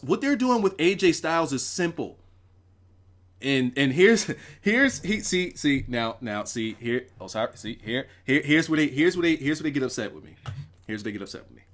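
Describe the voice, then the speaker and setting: A young man hosting a casual, profane, animated wrestling review livestream, repeating himself for emphasis. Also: mid-range voice. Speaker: wrestling show reviewer, host.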